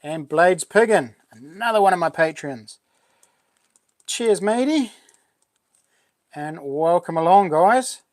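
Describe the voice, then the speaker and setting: A man's voice: high-pitched, expressive, takes it slowly, long pauses, a little mellow, no room sound, clean studio sound. A man with a New Zealand accent hosting a livestream, chatting casually and upbeat, greeting viewers as buddy and mate. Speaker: livestream host. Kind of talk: casual chat greeting live chat.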